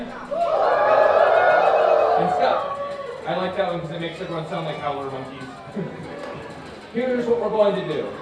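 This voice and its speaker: A man performing as a children's magician at a live orchard show, playful and chanting, with mock surprise. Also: high-pitched. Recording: distant, echoey, with music and crowd.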